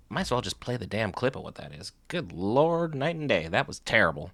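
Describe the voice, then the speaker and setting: Sarcastic, animated man reacting. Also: on the low side, a little fast, no echo. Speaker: reaction video host. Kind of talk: casual reaction commentary.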